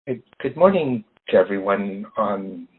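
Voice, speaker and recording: A man explains math in a relaxed, conversational way, often pausing on ums. His voice sits a little low but swings lively up and down. It comes through a tinny, phone-like video call line with faint noise behind. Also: husky. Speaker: engineer giving a STEM talk. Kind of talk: casual online presentation.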